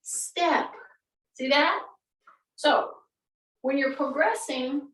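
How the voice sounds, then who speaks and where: Woman fitness instructor, high voice, slow and chatty, recorded from a distance in an echoey room. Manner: chatty, encouraging, demonstrating while talking. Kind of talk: exercise class instruction.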